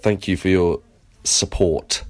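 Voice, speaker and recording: A man's voice: sits low, steady tone, slow. An English man from Plymouth rambling through a casual, sweary audio diary as host. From Plymouth, England. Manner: rambling, sweary, enthusiastic storytelling. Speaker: podcast host.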